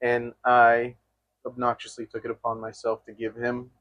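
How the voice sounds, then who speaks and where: A young adult man, a guest talking about friendship in a reflective, measured way. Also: medium pitch, monotone, no echo, lo-fi sound. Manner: reflective, measured, thinks aloud with fillers. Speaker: guest, host's best friend. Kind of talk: candid chat between friends.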